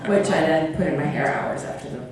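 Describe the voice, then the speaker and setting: A woman from Rhode Island, a panel guest, telling a funny story quickly and with self-deprecating laughs. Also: deep voice, a loud crowd. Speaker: panel guest, former toy company worker. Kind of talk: casual anecdote telling. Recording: distant, echoey, with background noise.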